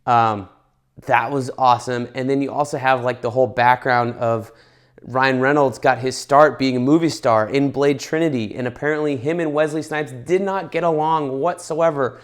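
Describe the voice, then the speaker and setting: A man in his thirties talks through a movie in a loose, rambling way. His voice sits at a middle pitch. Now and then he jumps up into excited bursts. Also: normal speed. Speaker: movie reviewer. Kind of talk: casual spoiler review.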